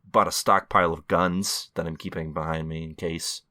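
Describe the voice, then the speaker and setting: A man with a very deep voice hosting a comedy podcast. His delivery is dry and deadpan as he plays along with silly bits, level and unhurried. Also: no room sound. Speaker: podcast host.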